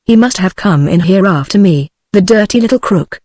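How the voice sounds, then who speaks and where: A British-accented synthetic female voice reading the lines of a flustered naked gentleman hiding in a closet. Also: medium pitch, animated, normal speed, dry recording, clean studio sound, lightly acted. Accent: British English.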